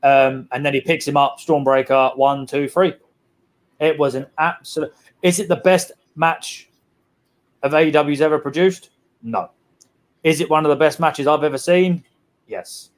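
A young man, co-hosting a casual podcast chat, excitable and sweary, rambling with lots of fillers. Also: on the high side, normal speed, pauses often. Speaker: podcast co-host.

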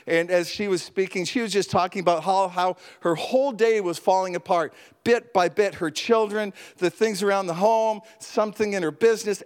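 A man preaching a sermon as a pastor, telling stories in an animated way, with asides and laughter. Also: sits high.

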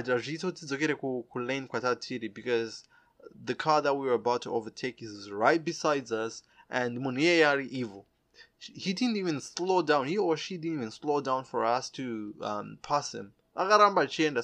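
Gravelly young man. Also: mid-range voice. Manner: animated, laughs often, swings between loud bursts and quiet asides. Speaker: storyteller. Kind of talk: casual storytelling, switching between English and Shona.

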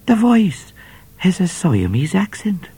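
A man's voice: high voice, huge pitch swings, slow, warm tone, slightly rough, voice pushed up, exaggerated voice. A man playing a polite, wry young trooper. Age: 20s. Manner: polite, dry. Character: polite, cheerful young male police trooper.

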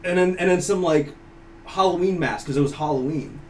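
A man from Ukraine, a native Ukrainian speaker, telling a story as a podcast guest in an animated, profane way, laughing often. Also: sits high, brisk. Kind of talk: casual storytelling. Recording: distant mic, faint background noise.

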